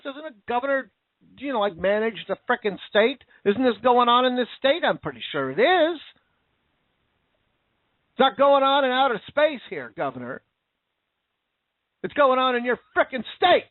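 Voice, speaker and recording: A commentator with a very high, sing-song voice delivers an angry, profane rant at normal speed with long pauses, firing off rhetorical questions and turning sarcastic at times. The recording is dry and tinny, like a phone.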